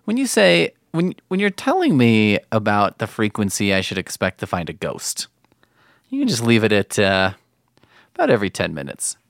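A man's voice: on the low side, huge pitch swings, moderate pace, dry recording, clean studio sound. A man hosting a reaction video, mocking and incredulous as he comments. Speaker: host reacting to online videos.

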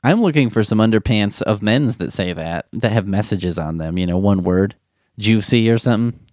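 A man's voice: on the low side, expressive, moderate pace, a little mellow, no echo, clean studio sound. A man riffing comedically in a rambling, sarcastic way, swearing often.

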